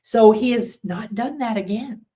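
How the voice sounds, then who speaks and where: A woman's voice: on the high side, a little slow, mellow. A woman hosting a live online class as a spiritual teacher, a chatty, rambling storyteller who reads out and answers viewer comments. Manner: chatty, rambling storyteller with frequent fillers and restarts. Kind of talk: casual live-streamed teaching. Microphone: computer setup with screen sharing.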